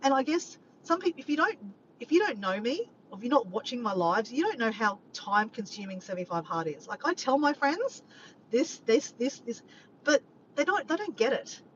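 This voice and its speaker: A fairly high-voiced woman talks straight to her viewers in a loose, rambling vlog chat. She wanders between points and swears without much filter. The sound is dull and a little lo-fi, with a faint hiss underneath. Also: sing-song, brisk. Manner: rambling, chatty, swears freely. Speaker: vlogger.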